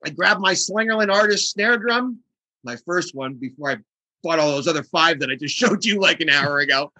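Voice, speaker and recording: A man being interviewed as a guest drummer, telling a story in a casual, animated way and acting out the voices of the people in it. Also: on the high side, moderate pace, no room sound, low-quality recording.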